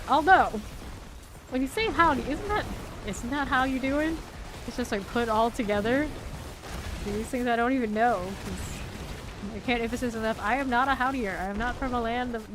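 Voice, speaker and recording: A woman from Central Florida talks casually over her game stream, answering viewers and laughing easily. Her voice sits a little high, and a steady noise hums under the recording. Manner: chatty, laughs often, talks to chat. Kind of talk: casual live-stream chat while gaming.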